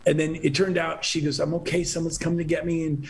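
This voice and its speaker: A man's voice: fairly high pitch, level tone, fast, slight background noise. A middle-aged man speaking as a podcast guest, talking with urgent, motivational energy. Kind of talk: animated interview talk.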